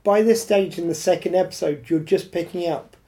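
A woman's voice: lowish voice, brisk, dark tone. A woman with an Irish accent co-hosting a podcast in casual chat, laughing often and restarting her sentences. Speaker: podcast co-host.

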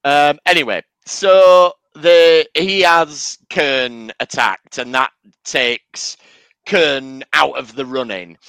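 A man's voice: medium pitch, slow, a bit bright, clear, resonant tone, no room sound, low-quality recording. Rambling, sweary man, dry mic. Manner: sweary, rambling, acts out quoted lines. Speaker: podcast co-host. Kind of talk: casual chat.

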